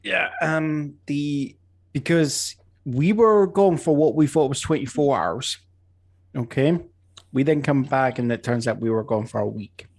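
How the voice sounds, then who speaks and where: A man's voice: medium pitch, measured pace, vocal fry. Wry rambling man at a game table. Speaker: player.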